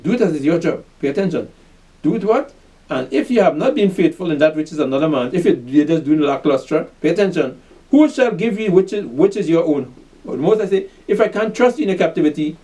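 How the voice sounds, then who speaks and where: A man's voice: fairly high pitch, dark tone, distant mic, rough recording. Fiery man preaching, heard from afar. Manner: repeats "pay attention", asks and answers his own questions. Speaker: preacher teaching a class. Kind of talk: fiery street-style scripture teaching.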